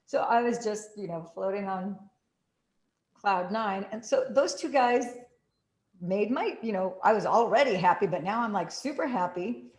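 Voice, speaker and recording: A woman telling a story in a casual way, acting out the quotes with big jumps in pitch. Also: expressive, normal speed, a little mellow. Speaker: group participant sharing a story. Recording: roomy echo.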